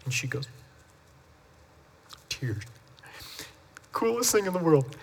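A family pastor preaches in a church sanctuary, telling stories in a chatty way and acting out the voices he quotes. His voice is a little high, very animated, slow, and fried, with slight background noise and long hall reverb.

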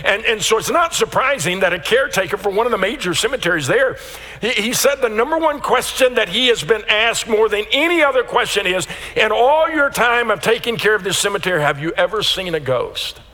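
A pastor with a high, bright voice delivers a sermon in a church sanctuary, where a long, ringing reverb trails his words. He tells stories animatedly, with many quick restarts and repeated words.

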